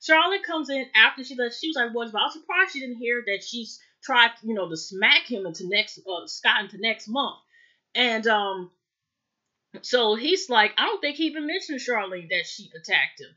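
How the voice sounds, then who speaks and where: A woman talks through a reality show episode in a loose, rambling way, tossing asides straight to her viewers. Her voice sits a little high and sounds bright and forceful. The recording is dull and lo-fi. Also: expressive, moderate pace. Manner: rambling, chatty, addresses viewers as y'all. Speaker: reality TV review host. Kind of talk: casual recap chat.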